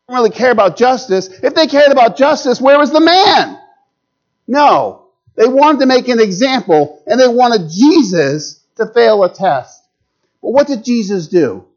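High-voiced preacher, dull lo-fi sound. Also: male voice. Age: middle-aged. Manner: dramatic, rising to urgent peaks then dropping to hushed lows. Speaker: pastor. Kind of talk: sermon.

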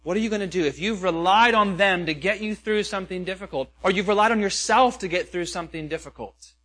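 A man's voice: high voice, fast, a bit bright. A pastor preaching a sermon, earnest and questioning, with many rhetorical questions to his listeners.

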